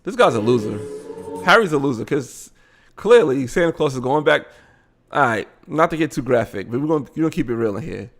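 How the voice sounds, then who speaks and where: A man's voice: mid-range voice, brisk, faint music behind. A man hosting a live show, giving blunt, casual commentary on a video he is watching. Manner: animated, blunt, frequent laughing asides.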